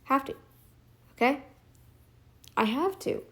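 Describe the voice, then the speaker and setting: A woman's voice: sits high, expressive, slow, a bit bright. A woman vlogger ranting in casual commentary, emphatic and defiant, repeating herself for effect.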